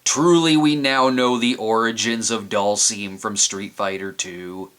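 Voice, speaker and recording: A man's voice: lowish voice, fairly even intonation, a little slow, fairly bright tone, smooth. A man hosting a comedic film review, narrating with sarcastic, jokey asides.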